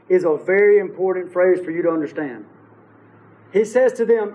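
A man with a high voice preaches a verse-by-verse sermon. He leans on key phrases, says them again and checks in with his listeners through rhetorical questions. The recording sounds dull and lo-fi. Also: normal speed. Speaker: pastor. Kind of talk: expository sermon.

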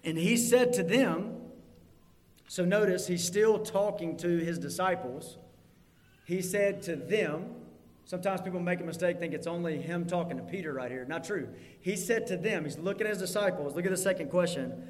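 A man preaching a sermon as pastor, emphatic and rising to fervent peaks before dropping low. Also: moderate pace. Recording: long hall reverb.

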